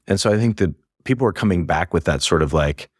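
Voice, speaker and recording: Brief: low-pitched male podcast guest, loose and rambling, dry close sound. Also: expressive, quick pace, slightly rough, no room sound. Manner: rambling, self-interrupting, laughs often. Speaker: guest, happiness speaker. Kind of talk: casual podcast conversation.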